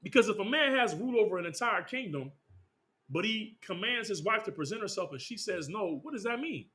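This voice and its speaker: A man leading a scripture class, teaching with streetwise banter and rapid rhetorical questions. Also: sits high, expressive, bright, forceful tone.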